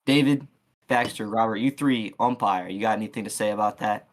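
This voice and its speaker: A man's voice: on the low side, brisk. A teenage man co-hosting a podcast, blunt and skeptical as he ribs the others. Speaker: co-host. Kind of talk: casual podcast chat.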